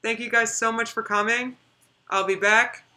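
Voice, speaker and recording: A woman's voice: on the high side, steady tone, moderate pace, pushed and bright. A young woman chatting casually on her live stream, rambling and reading out viewer comments.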